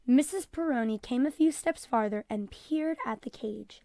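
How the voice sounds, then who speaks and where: Woman, teacher, children's book read-aloud, expressive, higher voice, dry recording. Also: normal speed, dry recording.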